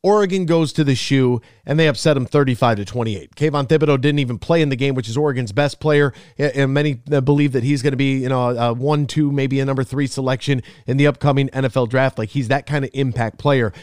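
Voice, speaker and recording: A man's voice: medium pitch, fast talker, hardly any pauses, darkish tone, clear, resonant tone, no room sound, clean studio sound. A man hosting a sports talk radio show, asking long, emphatic questions.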